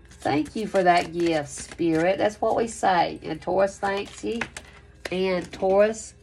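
A woman's voice: on the low side, darkish tone. A woman giving a casual, loose spoken tarot reading, chatty, breaking into whoops and laughs. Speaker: tarot reader.

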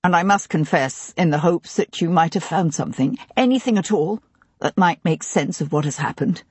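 An audiobook narrator voicing a man in his thirties, a grieving brother who speaks in a strained, halting way. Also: medium pitch, darkish tone, husky, dry recording, natural voice. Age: 30s. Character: grieving young gentleman, brother of missing woman. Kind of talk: audiobook character reading.

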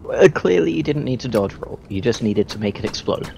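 A man's voice: mid-range voice, animated, a little fast, vocal fry, a little mellow, a little hiss or hum. A man chatting casually while playing a game, cracking dry, self-mocking jokes. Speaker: game player. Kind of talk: casual gaming chat.

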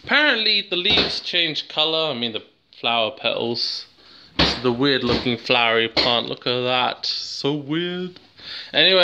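A man's voice: on the high side, noisy background. A man from England chatting casually to camera as he reviews a plant, joking and wandering off on tangents, recorded on a handheld camera. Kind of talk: casual rambling chat to camera.

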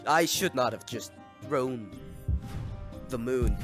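A man's voice: mid-range voice, lively intonation, takes it slowly, music in the background. Playful man scolding game villagers. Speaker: gameplay commentator. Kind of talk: casual gameplay commentary.

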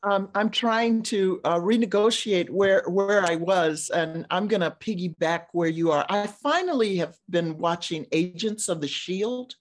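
A woman, a professor, discussing scripture over a video call in a halting, deliberate way, with frequent pauses and restarts. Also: on the low side. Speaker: seminary professor. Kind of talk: conversational theology discussion.

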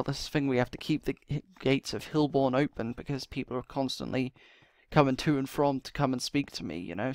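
A man's voice: medium pitch, dry recording. A man voicing his character in a game role-play, muttering to himself with sighs and then pleading urgently. He is out of breath. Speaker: roleplay series host playing his character.

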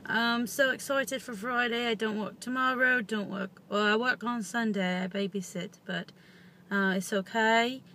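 A young woman in her twenties vlogs from a parked car, rambling playfully in a put-on British accent and clearly amusing herself. Her voice sits on the high side, pushed and bright, a little slow with fairly even intonation. A handheld camera picks her up close, with slight background noise.

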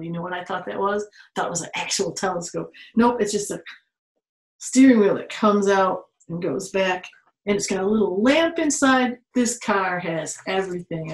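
A woman reading a picture book aloud to children and leading a drawing exercise, animated and quick to exclaim and laugh along with the pictures. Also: medium pitch. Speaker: children's museum storytime reader and art teacher. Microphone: phone or tablet camera. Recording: echoey room sound.

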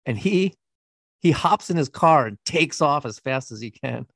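Slow gravelly-voiced man telling true crime. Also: medium pitch, animated, a bit bright, dry recording, studio quality. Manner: profane, blunt and scornful. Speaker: podcast co-host. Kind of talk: casual true-crime storytelling.

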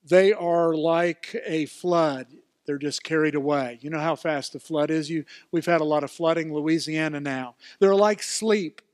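An older man preaching a sermon as pastor, emphatic and building to loud exclamations. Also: fairly high pitch, a little slow, smooth, no room sound, clean studio sound. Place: church.

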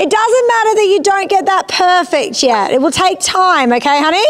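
A woman's voice: very high-pitched, moderate pace, a bit bright. A woman instructing a rider in a riding arena, encouraging and often checking that she understands. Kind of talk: live coaching of a rider.

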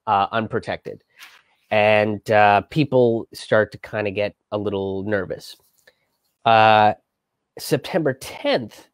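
A comedian hosting his own show tells history in a loose, rambling way, full of fillers and with a wry, profane edge. His voice is mid-range, with no echo, in this casual history commentary.

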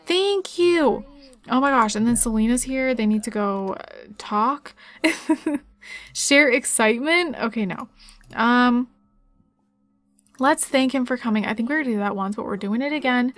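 A woman's voice: on the high side, animated, unhurried, a bit bright, no room sound. A woman casually commentating her life-simulation game, chatty and giggly, talking straight to her viewers. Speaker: gaming YouTuber.

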